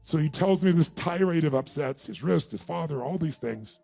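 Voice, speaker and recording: A middle-aged man speaks from a stage as a motivational speaker, telling a story and quizzing the crowd. His voice sits high for a man, with faint music running under it. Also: expressive, normal speed, gravelly, mellow. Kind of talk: stage talk to a live audience. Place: large event room.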